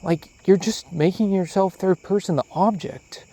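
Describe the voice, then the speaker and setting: On a rough recording with no room sound, a solo podcaster with a high voice speaks at a moderate pace. He rambles profanely and animatedly outside at night, firing off questions as crickets and insects chirp behind him.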